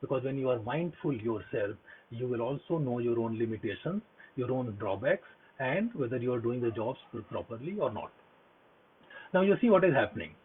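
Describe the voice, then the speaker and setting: A man's voice: medium pitch, sing-song, moderate pace, slight background noise. A man giving an earnest motivational talk on mindfulness, repeating himself with many fillers and restarts. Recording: husky voice over a tinny phone-like line.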